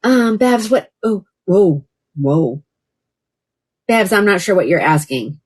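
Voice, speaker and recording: A chatty woman from Oklahoma runs a live shopping stream, exclaiming and talking to her viewers by name. Her voice sits at an ordinary middle pitch. Her delivery is loose and conversational. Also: animated, slow pace, darkish tone, breathy edge. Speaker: live shopping host selling wigs. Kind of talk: casual live-stream sales chat. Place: indoors by a fan.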